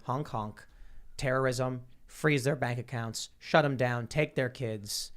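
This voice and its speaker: A man hosting a political podcast in loose conversation. His voice sits at a middle pitch. He delivers dry, sarcastic remarks about protests. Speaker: podcast host. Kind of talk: casual political talk show.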